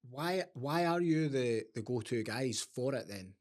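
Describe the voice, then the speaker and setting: A man's voice: medium pitch, expressive. A man hosting a casual trade podcast, asking questions with restarts and agreeing often. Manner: halting, restarts questions, frequent "yeah" backchannels. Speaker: podcast host, interviewer.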